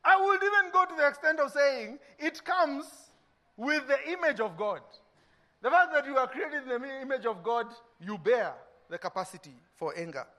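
A Kenyan man delivers a sermon in a high-pitched voice. He preaches with energy, dropping to hushed lines and then rising again, and acts out everyday dialogues to make his point. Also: moderate pace. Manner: animated preaching, acting out mock dialogues, swinging between loud and hushed. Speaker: pastor.

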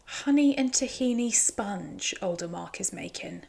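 A woman's voice: mid-range voice, animated, unhurried, vocal fry, a little mellow, husky. A woman giving a chatty, teasing recap commentary. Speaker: show recap host.

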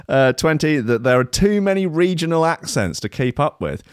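A man's voice: on the high side, expressive, normal speed, clean tone, no room sound, clean studio sound. An English man, a young adult, giving casual sarcastic commentary and swearing as he reads out a list. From England. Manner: sarcastic, swearing, laughs at own jokes.

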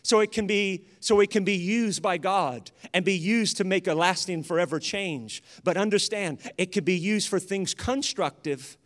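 A man preaching a sermon as pastor, moving between loud rhythmic prayer and conversational, joking asides to the congregation. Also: high-pitched, normal speed, hardly any pauses.

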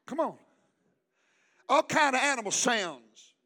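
Casting: older pastor, man, high piercing voice, preaching with call-and-response, hushed then shouting. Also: animated, moderate pace. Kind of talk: sermon.

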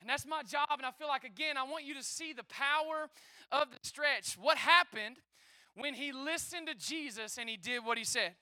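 A high-voiced man preaches with bursts of energy, calling out to his congregation and whooping between points. His tone is bright and forceful, captured dry with no room echo. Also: moderate pace. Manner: energetic, exclaiming and calling on the crowd. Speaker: pastor. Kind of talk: lively sermon.

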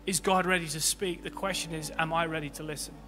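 A man preaching a sermon as pastor, impassioned, swinging between loud peaks and quiet low stretches. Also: steady tone, fast talker. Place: church hall. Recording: long hall reverb with faint music.

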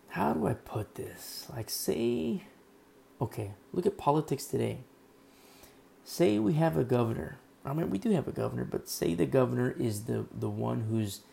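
A hoarse male pastor talks through a sermon in a casual, rambling way with plenty of fillers. His worn-out voice is thick with gravel and sounds mellow and dark. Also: medium pitch, a little hiss or hum. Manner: conversational, rambling, full of fillers and asides.

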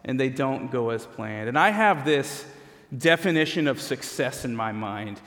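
Male pastor, thirties to forties, chatty storytelling sermon, mid pitch, long reverb of a church hall. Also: lively intonation, a little slow, a bit bright. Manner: conversational storytelling with self-deprecating humor.

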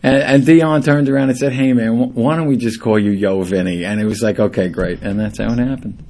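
Guesting on the radio, a middle-aged singer relates lively stories, performing the voices of the people involved. His voice is mid-range and fairly quick.

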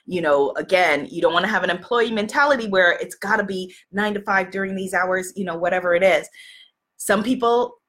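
A woman's voice: lowish voice, a little fast, a bit bright. A woman business coach chatting casually to her audience, rambling with many fillers and restarts.

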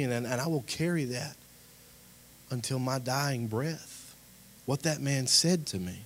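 A man preaches from the pulpit, weaving his own story into the message. His voice swings between quiet reflection and loud, rising emphasis. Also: a little high, breathy edge. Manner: animated preaching, voice rising and getting louder at emphatic points. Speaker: pastor. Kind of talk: sermon with personal testimony.

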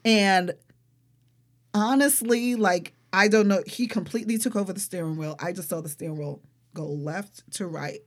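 Animated woman telling a personal story. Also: mid-range voice. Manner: animated, expressive, frequent fillers like "like". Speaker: interview guest.

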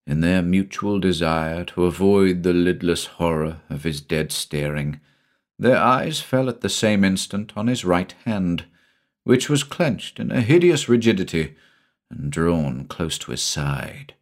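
A man with a deep, low voice narrates a horror story. His reading is dramatic and expressive, rising and falling widely to build dread. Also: measured pace. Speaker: audiobook narrator. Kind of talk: scripted narration.

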